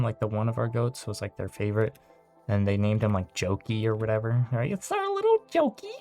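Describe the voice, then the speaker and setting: A young man talks his way through a story in a loose, rambling flow, full of fillers and frequent swearing. His voice sits at a middle pitch with a gravelly, fried edge, and he sounds shaken and upset. Soft music plays faintly behind him. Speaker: vlogger. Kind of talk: casual storytelling.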